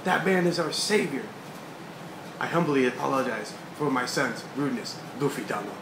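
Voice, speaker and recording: A man's voice: medium pitch, moderate pace, close to an everyday voice. A man voicing a stern middle-aged samurai father who scolds in formal speech. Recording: echoey room with background noise.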